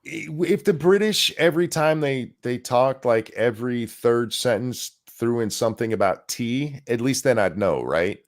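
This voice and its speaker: A man's voice: mid-range voice, expressive, normal speed, few pauses. A man co-hosting a casual podcast, ranting in a crude, mocking, profane way. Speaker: podcast co-host.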